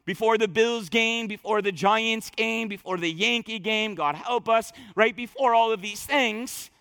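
A man's voice: high-pitched, measured pace, bright, forceful tone, smooth, no room sound. A man preaching a sermon as pastor, emphatic and repeating words as he presses each point.

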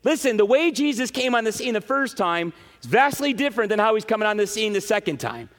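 A man preaching a sermon to his congregation in an animated way, with frequent "right?" asides. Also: sits high, quick pace. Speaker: pastor. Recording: reverberant hall.

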